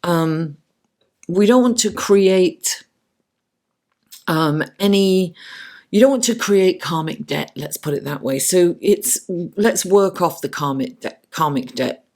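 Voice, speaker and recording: A woman's voice: on the low side, a little mellow. A woman doing a chatty, affectionate tarot reading late at night, her voice worn and fading. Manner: chatty, affectionate, talks to the cards. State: losing her voice from the late hour. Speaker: tarot reader.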